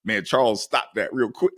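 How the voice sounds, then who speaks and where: A man in his forties from Maryland, a counselor guest on a podcast, telling animated personal stories and acting out voices. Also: mid-range voice, a little slow, a crowd in the background. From Maryland, USA. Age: 40s. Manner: animated storyteller who acts out quoted voices. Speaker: guest, mental health counselor. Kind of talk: casual podcast interview storytelling.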